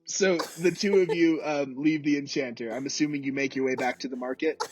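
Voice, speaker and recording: A man's voice: mid-range voice, fairly even intonation, brisk, music in the background. A man narrating as game master of a tabletop role-playing game, talking hesitantly with many fillers. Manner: hesitant, many fillers and restarts, laughs easily. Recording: dull lo-fi mic.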